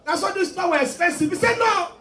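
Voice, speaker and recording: A man doing stand-up comedy in Nigerian Pidgin English, acting out his characters in animated voices. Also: normal speed, some chatter behind. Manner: animated, acts out characters in a shrill high voice. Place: live comedy show. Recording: roomy live venue, mic from a distance, audience noise.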